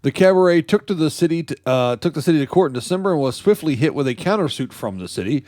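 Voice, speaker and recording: A man's voice: on the high side, lively intonation, fast, a little mellow, dry recording. A man co-hosting a comedy news podcast, reading stories and cracking jokes in casual chat. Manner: jokey, reads news stories with asides. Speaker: podcast co-host.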